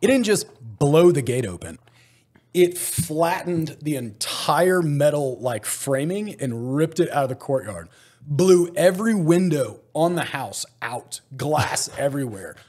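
Male podcast guest, husky and slightly high, animated storyteller who swears and laughs a lot. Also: a little slow. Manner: animated, acts out other people's lines, laughs often, swears. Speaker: guest, former special forces soldier. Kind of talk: casual storytelling.

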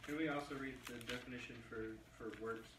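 A man's voice: medium pitch, fairly even intonation, a little fast, fairly bright tone, far from the mic, a little hiss or hum. A man in the congregation reading a word definition aloud, hesitant, with fillers along the way. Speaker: congregation member. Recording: echoey room, off-mic.

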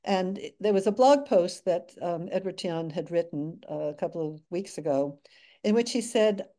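An older woman gives a measured academic lecture from her slides, her voice mellow and soft-edged. She adds dry asides and pauses on filler words as she goes. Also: fairly low pitch. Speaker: guest speaker.

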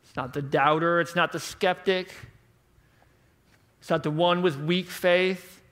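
A man in his thirties delivers a conference sermon full of rhetorical questions, shifting between hushed and emphatic tones. His pitch is fairly high, his intonation fairly even, and he takes his time.

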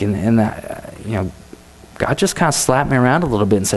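A man's voice: fairly low pitch, expressive, brisk. A man giving a youth sermon in a church, speaking casually with many "you know"s and restarts.

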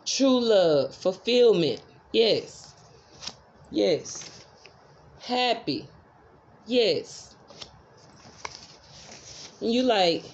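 A woman's voice: mid-range voice, a little hiss or hum. Chatty woman tarot reader, lo-fi sound. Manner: chatty, repeats affirmations, swears freely. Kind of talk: casual tarot reading.

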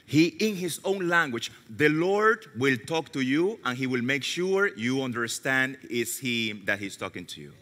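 A male pastor preaching a sermon with animated storytelling and self-mocking humor, sometimes dropping to a hushed low voice. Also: unhurried, hardly any pauses. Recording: long reverb of a large hall.

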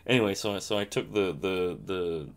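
A man's voice: sits low, clean tone. A young man giving casual, rambling commentary over a survival game, self-mocking and chuckling often. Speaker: gameplay commentator.

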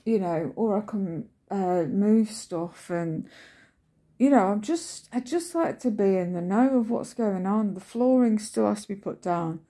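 With a medium-pitched, dark-toned voice and a measured pace, a woman chats casually to camera from home while petting her cats. The vlogger tells stories about waiting on workmen and breaks off to coo baby talk at her cat.

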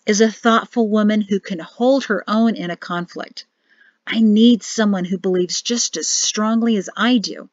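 A woman's voice: mid-range voice, measured pace, dry recording, dull audio, natural voice. A woman reading the part of an earnest, flustered young man declaring his feelings.

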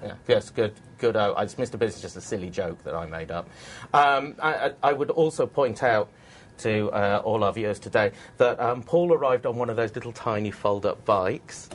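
A man's voice: fairly low pitch, expressive, moderate pace. A man hosts a technology webcast from a studio. He talks in a jokey, teasing way, often restarting his sentences. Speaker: webcast host. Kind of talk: hosting a studio tech webcast.

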